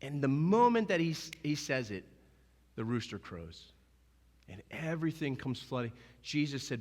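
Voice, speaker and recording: A male pastor preaching a sermon, animated and emphatic, acting out scenes as he goes. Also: medium pitch, normal speed, long reverb tail. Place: church sanctuary.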